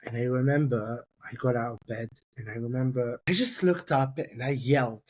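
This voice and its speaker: Husky-voiced man telling his story. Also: medium pitch. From London. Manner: rapid, halting, repeats himself, rises sharply when emphatic. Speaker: interview guest, army reservist. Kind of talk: emotional personal storytelling.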